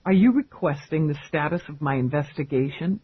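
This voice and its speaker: Guy voicing a no-nonsense woman lieutenant, curt and dry, husky, phone-thin sound. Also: fairly high pitch, animated, brisk, no room sound. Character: tough, blunt female police lieutenant. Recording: tinny phone-like band, dry.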